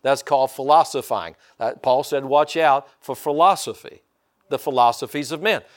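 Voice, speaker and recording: Speaking at normal speed in a mid-range voice, an older man from Indiana delivers a homespun sermon as pastor. He often pauses to call for amens from the congregation.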